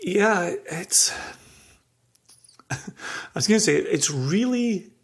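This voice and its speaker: Slow-talking Scottish man, reflective. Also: sits high, expressive, gravelly, slightly rough. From Scotland. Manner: reflective, heartfelt, chuckles between thoughts. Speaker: podcast co-host. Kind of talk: casual chat.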